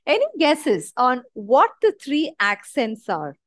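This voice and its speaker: A woman's voice: high voice, huge pitch swings, slow pace. A woman hosting a podcast, chatting enthusiastically with a young guest about the news. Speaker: podcast host. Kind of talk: casual chat.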